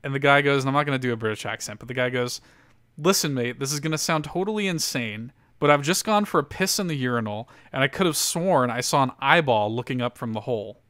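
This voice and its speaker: A man's voice: medium pitch, expressive, fast talker, few pauses, a bit bright, dry recording. A man hosting a casual podcast, reading an article aloud with lots of laughter and loose, profane storytelling. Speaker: podcast host.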